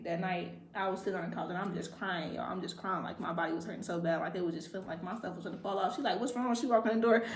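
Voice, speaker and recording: A young woman vlogger telling a story in casual chat, animated and laughing, talking straight to her viewers. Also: on the low side. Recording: echoey room with faint background noise.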